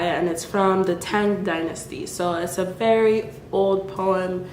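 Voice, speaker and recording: A woman's voice: lowish voice, fairly even intonation, slow, hardly any pauses, darkish tone, roomy sound, a little hiss or hum. A woman whose first language is Dutch, chatting casually with lots of ums and laughs, with a stuffy nose. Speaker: vlogger. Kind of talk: casual chat and poem reading.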